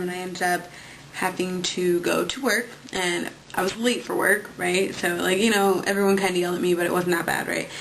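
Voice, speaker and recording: A woman's voice: lowish voice, creaky, fairly bright tone, slight background noise, poor audio. A woman in her twenties venting casually to her webcam, chatty and full of "like" and swearing. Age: 20s. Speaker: vlogger.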